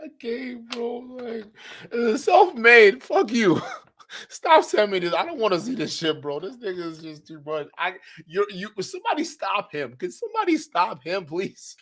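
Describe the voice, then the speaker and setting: Profane, excitable man reacting to clips. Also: high-pitched, moderate pace. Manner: excitable, profane, outbursts of disbelief and laughter. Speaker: reaction video host. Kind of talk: casual reaction commentary.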